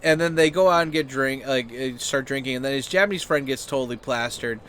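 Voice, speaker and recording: A man talks a little fast, with a little hiss or hum on the recording. Hosting his channel, he tells a story as a casual, rambling rant full of "like" and other fillers. He acts out the people he quotes with sudden high, loud outbursts.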